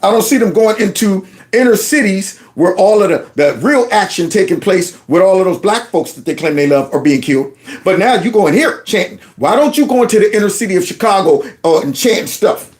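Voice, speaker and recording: Male channel host, high-voiced, emphatic and colloquial, opinionated commentary. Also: animated, fairly quick, darkish tone. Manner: emphatic, rhetorical questions, colloquial. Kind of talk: opinionated commentary over clips.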